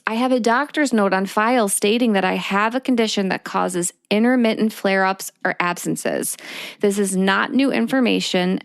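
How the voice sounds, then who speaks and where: Gravelly-voiced woman, candid and direct. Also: medium pitch, no room sound, studio quality. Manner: candid, matter-of-fact storytelling. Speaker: podcast co-host. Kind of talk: casual podcast chat.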